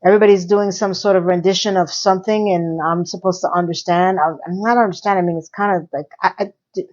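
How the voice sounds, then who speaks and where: A woman casually recapping and reviewing a TV episode, animated and sarcastic, swinging between loud and soft. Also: lowish voice, fairly quick, highs cut off. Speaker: TV review vlogger.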